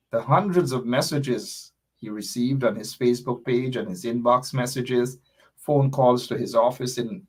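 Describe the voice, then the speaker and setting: A man's voice: medium pitch, slightly rough. A man hosting a live online talk show, speaking emphatically and repeating key points to rally his listeners. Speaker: host. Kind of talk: live online political commentary.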